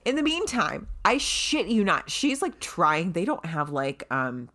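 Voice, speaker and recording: A woman telling a story in casual chat, animated and swearing freely, loudly acting out what people said. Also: fairly low pitch, measured pace. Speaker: guest telling her birth story.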